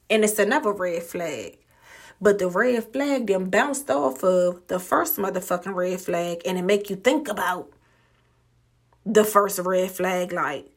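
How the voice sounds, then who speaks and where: A woman hosts a podcast and talks straight at the listener, blunt and full of swearing. She takes her time and leans hard on the words she wants to land. Her pitch sits in an ordinary middle range. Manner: blunt, profane and emphatic, drawing out key words. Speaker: podcast host. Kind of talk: motivational monologue.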